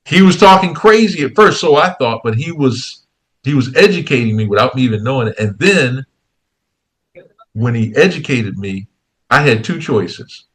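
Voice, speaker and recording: A man being interviewed, telling a story in a casual, lively way and acting out the voices of the people in it. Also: mid-range voice, moderate pace. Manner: animated storyteller, acts out quoted dialogue. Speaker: guest, investing program founder.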